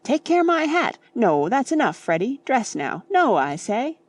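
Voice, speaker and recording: A woman voicing an excitable middle-aged male clergyman who shouts in a flustered, raised voice in an audiobook. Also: fairly high pitch, measured pace, dry recording, pitched above the performer's own voice. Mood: flustered shouting.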